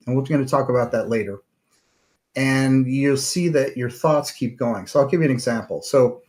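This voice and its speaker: A man hosting a solo podcast, talking reflectively about meditation, calm and searching, with many fillers and restarts. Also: medium pitch. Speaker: podcast host and therapist.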